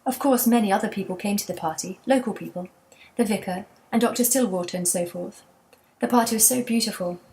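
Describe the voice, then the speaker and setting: A woman's voice: medium pitch, fairly quick, dark tone, natural voice. Woman reading as a wistful old grandmother. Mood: reminiscing. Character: wistful elderly grandmother recalling childhood.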